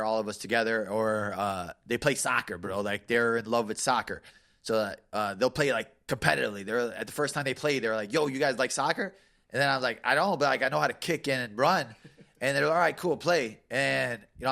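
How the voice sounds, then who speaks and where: Fast-talking gravelly man telling stories. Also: medium pitch, fairly bright tone. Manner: fast, loose, full of "like", laughs while telling stories. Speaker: guest, fighter. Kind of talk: casual storytelling.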